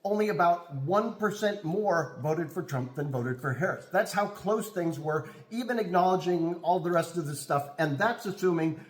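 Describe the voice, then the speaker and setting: A man co-hosting a casual podcast chat, talking haltingly as he searches for words. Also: high voice, echoey room. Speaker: podcast co-host.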